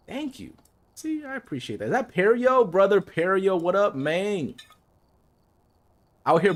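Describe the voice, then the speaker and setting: Lively-voiced man streaming a game. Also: on the high side. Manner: chatty, giving calm life advice to chat. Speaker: gaming streamer. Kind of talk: casual chat while streaming a game.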